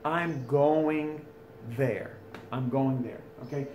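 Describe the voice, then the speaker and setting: A man's voice: a little high, slow, a little mellow, slight background noise. A man teaching a French lesson in a recorded video, chatty, with folksy asides, recording from home. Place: home, during school closure.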